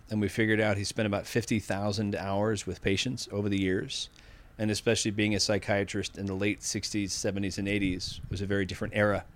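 A man in his fifties from Massachusetts, guest in an interview, talking in an earnest, thoughtful way and often restarting his sentences. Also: fairly low pitch. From Massachusetts, USA. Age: 50s. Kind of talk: reflective conversational interview.

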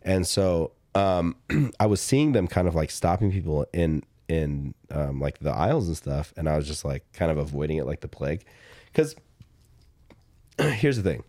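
Man, very low voice, dry close mic, casual podcast storytelling, animated. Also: moderate pace, no room sound. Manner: animated, acts out quoted dialogue, frequent fillers. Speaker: podcast co-host.

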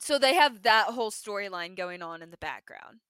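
Chatting casually as a podcast co-host, this young woman tells the story of a TV episode with lively animation and a constant stream of "like." She speaks at a normal speed in a clear, resonant mid-range voice, and the recording is dry.

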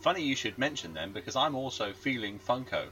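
A man's voice: medium pitch, very animated, fairly quick, sharp tone. A man co-hosting a podcast with dry, teasing humor. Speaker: podcast co-host. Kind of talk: casual chat.

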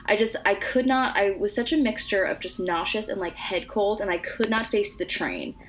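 A woman's voice: medium pitch, animated, moderate pace, a little hiss or hum. A young woman co-hosting a casual podcast, talkative and earnest, with plenty of "you know" and "like.". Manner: earnest, talkative, many fillers. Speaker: podcast co-host. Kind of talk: casual chat.

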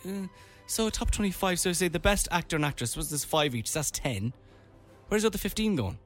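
A man's voice: high-pitched, expressive, fairly quick, soft background music. A man from Ireland co-hosting a radio show, chatting casually and reading out items with playful commentary. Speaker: radio host.

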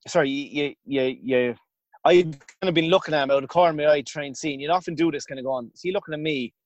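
This Irish-accented man, once a hurling goalkeeper, rambles through lengthy stories as an interview guest, often starting over. He speaks quickly in a slightly high voice, captured in a dry, muffled recording.

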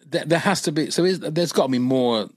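A man's voice: a little high, fairly quick, dry recording. A man co-hosting a podcast in casual chat, rambling and enthusiastic with many fillers. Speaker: podcast co-host.

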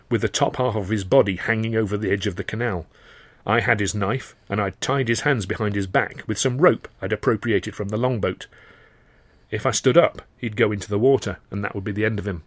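A man's voice: fairly low pitch, fairly bright tone, no room sound. A man reading his own comic novel in the first person, in a wry, dryly comic storytelling manner. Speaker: author and reader.

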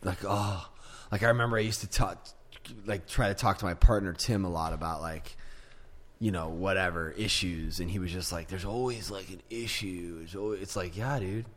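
Male podcast co-host, fairly low and gruff, sounds aggressive, blunt and profane. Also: fairly even intonation, a little fast. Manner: blunt, swears often. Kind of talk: casual chat.

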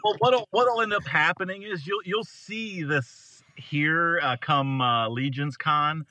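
A man talking excitedly and joking around as a guest on a podcast. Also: on the high side, slow, no echo. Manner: excitable, jokey. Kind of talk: casual chat.

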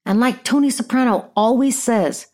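A woman's voice: a little high, normal speed, darkish tone. A middle-aged woman hosting a podcast, telling a story in a blunt, sarcastic, profane rant. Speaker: podcast host.

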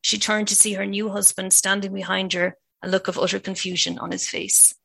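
Woman reading her novel aloud, steady and measured, bit of vocal fry. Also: medium pitch, no room sound. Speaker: author.

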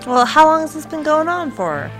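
A woman's voice: sits high, sing-song, normal speed, music in the background. A woman player in a tabletop role-play, asking blunt questions in character.

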